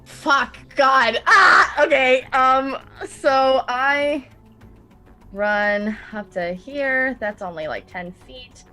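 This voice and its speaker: Excitable swearing woman tabletop player. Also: high-pitched, drawn-out words, faint music behind. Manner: excitable, swearing, rambling with many fillers. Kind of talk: casual tabletop play.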